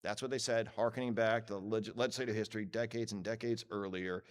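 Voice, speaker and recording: A man's voice: on the low side, a little fast. Joking man giving a conference talk. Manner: lively, joking, acts out quoted voices. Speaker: conference speaker. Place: conference hall.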